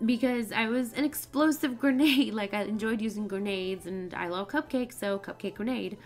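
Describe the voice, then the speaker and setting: A young woman talks her way through a video game, chatty and easily sidetracked into long tangents. Her voice sits at an ordinary mid pitch. Faint music plays underneath. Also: moderate pace. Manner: chatty, rambling, goes off on tangents. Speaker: let's play host. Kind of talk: casual gameplay commentary.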